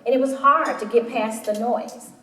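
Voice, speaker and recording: A woman in her forties giving a motivational talk to a live audience, telling animated stories and acting out the voices in them. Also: a little high, moderate pace. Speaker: panel speaker. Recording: roomy hall audio from a distant mic.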